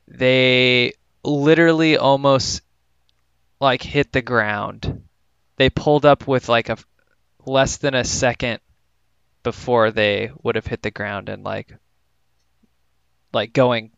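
A man's voice: medium pitch, creaky, a bit bright, clear, resonant tone, no echo. A young man co-hosting a podcast in casual chat, laid-back and full of "like" and "dude". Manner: laid-back, filler-heavy, says "like" and "dude" often. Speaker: podcast co-host. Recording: slightly dull lo-fi recording.

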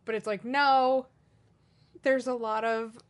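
A woman's voice: a little high, fairly even intonation, slow pace. A woman co-hosting a podcast, explaining her point earnestly in casual chat. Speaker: podcast co-host. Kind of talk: casual movie discussion.

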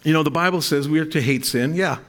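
A man's voice: a little high, quick pace, fairly bright tone. A man preaching a sermon to a congregation. He reads scripture aloud, explains it, and often restarts his sentences. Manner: speaks to a congregation, asking for amens. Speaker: pastor.

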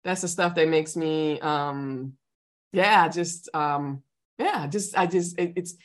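A woman's voice: sits low, slow. A woman in her thirties, co-hosting a podcast in casual chat, telling stories with lots of laughter and energy. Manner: animated storyteller, laughs often. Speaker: podcast co-host.

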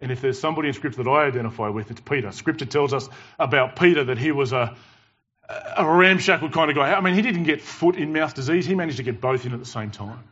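A man preaching a sermon in church with animated, emphatic storytelling and jokes. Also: medium pitch, fast, husky. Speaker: pastor. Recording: dull lo-fi church recording.

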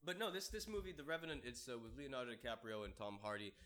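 A man co-hosting a movie podcast in casual chat, halting and restarting often, with casual swearing. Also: mid-range voice, fairly bright tone. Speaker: podcast co-host.

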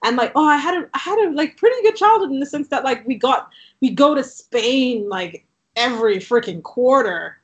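A fairly high-voiced woman with a London-tinged accent worn by time in Canada, telling her story in a relaxed, conversational way. She talks in animated bursts and scatters "like" through her sentences. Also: highs cut off. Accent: London English, shifted by years in Canada. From Southeast London, England. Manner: animated storyteller, frequent "like" fillers, quick asides. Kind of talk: casual conversation.

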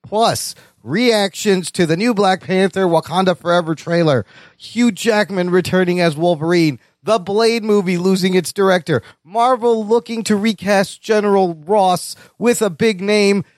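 High-pitched guy hosting a podcast, joking around, dry close sound. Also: a little slow, no echo. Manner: joking, laughs often. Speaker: podcast host. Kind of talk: casual chat.

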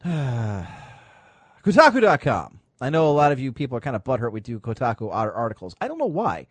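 A man hosts a loose, joking podcast chat, his pitch swinging up and down as he talks. The sound is dry and close, with no room around it. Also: very fast, no room sound. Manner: loose, joking, animated banter. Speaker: podcast host. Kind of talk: casual chat.

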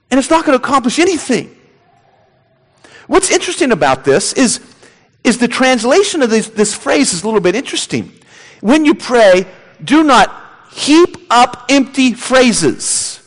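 A man preaching a sermon as a pastor, animated and mocking babbling prayers as he goes. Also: very high voice, long reverb tail.

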